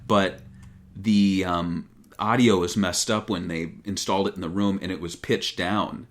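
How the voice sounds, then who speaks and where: A man co-hosting a podcast, chatting casually about games with a relaxed, hesitant manner. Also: deep voice. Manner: relaxed, hesitant, does quick impressions. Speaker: podcast co-host. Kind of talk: casual chat.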